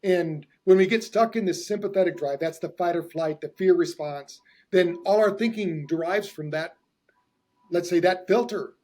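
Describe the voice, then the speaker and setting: A man's voice: high-pitched, normal speed, darkish tone. A middle-aged man hosting a podcast, explaining with enthusiasm in long run-on thoughts. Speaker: host, hypnotherapist. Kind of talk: casual podcast conversation.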